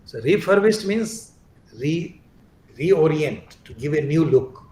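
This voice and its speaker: Male teacher, animated higher voice, explains step by step, checks understanding, echoey room with faint noise. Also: measured pace. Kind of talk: live online class explanation.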